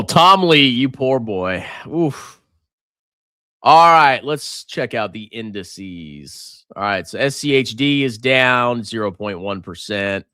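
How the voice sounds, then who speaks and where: A man hosting a casual market livestream, reading comments and reacting to prices in a jokey, animated way. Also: mid-range voice, dry recording. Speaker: finance livestream host.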